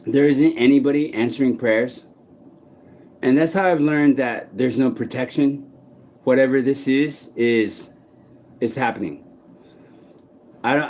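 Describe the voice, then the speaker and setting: A man vlogging outdoors in a park, speaking in a blunt, halting monologue full of restarts and swearing. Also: mid-range voice, darkish tone. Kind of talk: candid personal monologue.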